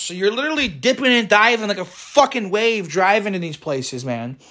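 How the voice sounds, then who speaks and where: A man's voice: high voice, lively intonation, normal speed, few pauses, pushed and bright. A man rambling profanely through a solo podcast, cracking wry jokes and breaking into rants. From Chicago area. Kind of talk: casual rambling monologue.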